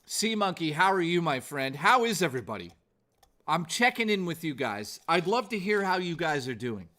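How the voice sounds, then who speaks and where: A man's voice: a little high, very animated, normal speed, pushed and bright. A man hosting a live stream, talking earnestly and motivationally to his viewers, cursing freely and losing his voice. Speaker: streamer host. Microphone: desk mic.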